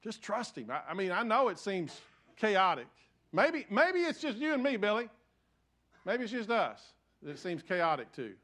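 An older man preaching a sermon, telling stories with self-deprecating humor and swinging from loud emphasis to soft, hushed lines. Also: sits high, very animated, moderate pace. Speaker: pastor.

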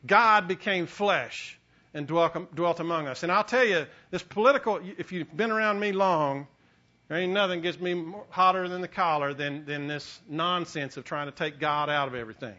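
A middle-aged man preaching a sermon as pastor, animated, building to emphatic peaks with frequent restarts. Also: fairly high pitch, normal speed, dull audio.

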